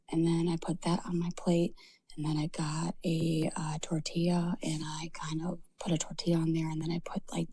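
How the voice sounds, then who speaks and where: Husky, dark-voiced woman streamer. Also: sits low. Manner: rambling and profane, often dropping to a whisper. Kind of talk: casual live-stream chat.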